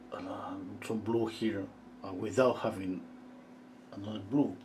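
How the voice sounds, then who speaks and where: Working through a live painting demo, a calm art teacher speaks on the low side with a little background noise. He muses, thinks out loud to himself, and pauses frequently.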